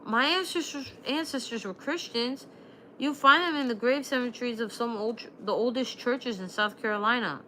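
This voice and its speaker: A woman reading aloud from a novel, voicing a quiet, earnest young woman who speaks seriously. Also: a little high, moderate pace, a little hiss or hum, pitched above the performer's own voice, low-quality recording.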